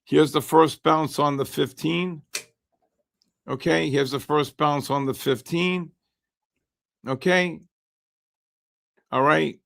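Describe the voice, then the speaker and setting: A hoarse man hosting a live trading stream, chatting with viewers by name while he calls trades. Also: on the high side, slow pace, long pauses, a little hiss or hum. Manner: animated, greets chat by name while calling trades. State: hoarse, losing his voice. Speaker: livestream host and futures trader.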